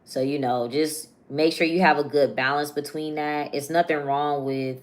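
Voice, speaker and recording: A young woman doing a casual, chatty live tarot reading, slangy and quick to laugh. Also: low voice, fairly even intonation. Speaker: tarot reader.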